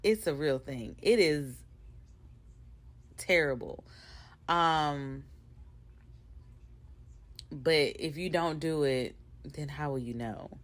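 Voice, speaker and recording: A woman's voice: deep voice, slow, long pauses. A woman hosting her own podcast, talking casually and candidly to her listeners, rambling and laughing at herself. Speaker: podcast host. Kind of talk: casual motivational monologue.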